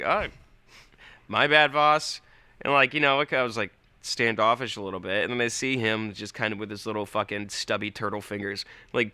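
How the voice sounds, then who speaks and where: A man's voice: mid-range voice, pushed and bright, smooth, no echo. A young man co-hosting a podcast, telling a rambling story in casual chat and swearing freely. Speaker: podcast co-host.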